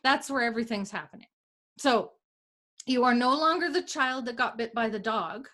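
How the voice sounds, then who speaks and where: A woman's voice: fairly high pitch, normal speed, pushed and bright. A middle-aged woman, a healer, teaching in a casual conversation, acting out inner dialogue as she explains and laughing often. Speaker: energy healer guest.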